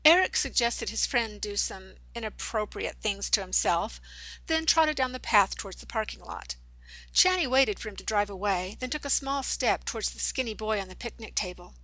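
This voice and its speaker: A woman narrating a young adult novel as an audiobook, reading in an expressive storytelling manner. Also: medium pitch, no room sound, low-quality recording.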